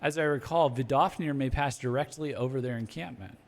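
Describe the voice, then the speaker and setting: A man reading out the lines of a formal, courteous knight officer in a fantasy game, in measured, stiff speech. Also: mid-range voice, lightly acted.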